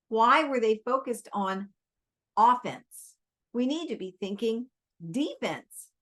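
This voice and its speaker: A woman reads a novel aloud, her narration calm and measured. She takes her time, with a slow and steady pace. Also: a little high. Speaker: reader. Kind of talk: audiobook reading.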